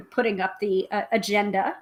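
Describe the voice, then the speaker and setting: An American woman hosts a tarot live stream in a loose, chatty way. Her voice sits in an ordinary middle range for a woman. She talks quickly, fills pauses with "um" and stops to read out her viewers' comments. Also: medium pitch, a little mellow. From United States. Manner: quick, chatty, many filler ums, reads viewer comments aloud. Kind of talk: casual live stream chat.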